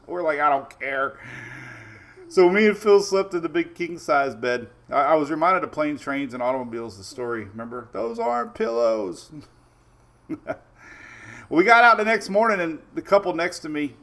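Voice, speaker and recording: A man hosting a casual weather livestream, greeting viewers by name and telling stories in a chatty, relaxed way. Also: on the high side, normal speed, pauses often. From Florida Gulf Coast. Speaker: weather show host.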